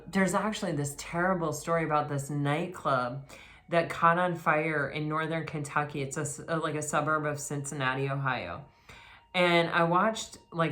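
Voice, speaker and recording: A woman with a low-pitched voice talks through a tarot reading. She rambles casually and often restarts her sentences. Now and then she breaks into excited exclamations. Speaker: tarot reader.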